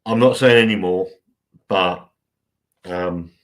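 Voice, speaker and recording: Host in his forties, low-pitched, chatty live stream rambler. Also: takes it slowly, fairly bright tone. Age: 40s. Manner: rambling, chatty, swears freely. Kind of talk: casual live stream chat.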